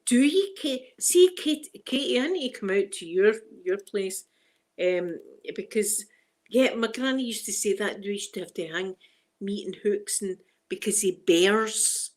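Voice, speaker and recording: Speaking a little slowly with lively intonation, this ASMR livestream host has a medium-pitched, darkish voice. She's a middle-aged woman from Scotland with a Glaswegian accent who chats casually with her viewers, laughs a lot, and leans on strong Scots phrasing.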